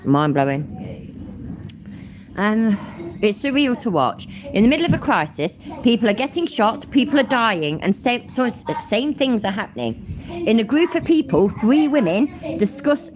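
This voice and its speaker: A woman's voice: on the high side, sing-song, a little slow, background noise. A woman hosting a casual commentary channel from home, sarcastic, swearing freely and laughing easily.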